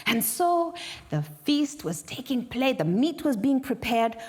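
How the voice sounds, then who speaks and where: A woman's voice: high-pitched, sing-song, unhurried. A woman performing a live interactive story, dramatic with whispers and gasps.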